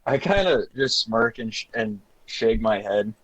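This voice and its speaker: A man's voice: on the low side, lively intonation, a little slow, a bit bright, breathy edge, rough recording. A man playing a tabletop game in a laid-back, understated way. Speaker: player.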